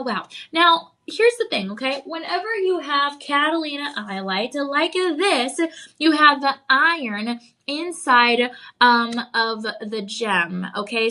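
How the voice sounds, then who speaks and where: A woman's voice: high-pitched, bright, forceful tone. A woman hosting a live jewelry sales show, gushing with enthusiasm, full of ums and little laughs. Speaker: shopping channel jewelry host. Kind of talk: live on-air sales pitch. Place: TV studio.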